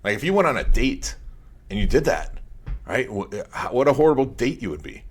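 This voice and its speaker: A man's voice: mid-range voice, big pitch swings, brisk, slight background noise. A man hosting a podcast from his office, talking in a casual, rambling way with many restarts. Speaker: podcast host.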